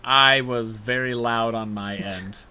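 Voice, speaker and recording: Co-hosting a casual gaming podcast, a man rambles through a game's story and acts out characters' lines for laughs. He speaks slowly at medium pitch with a sharp, clean tone.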